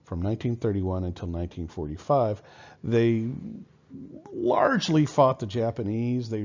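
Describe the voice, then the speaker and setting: A history teacher with a deep, slightly mellow voice gives a casual lecture in a loose, conversational style, full of fillers and restarts. The audio sounds dull.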